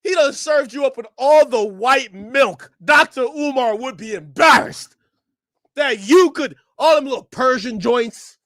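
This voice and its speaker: A man ranting loudly and profanely to his chat during a live stream reaction. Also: very high voice, unhurried, dry recording, studio quality. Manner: loud, profane ranting, often shouting; talks to his chat and laughs between bits.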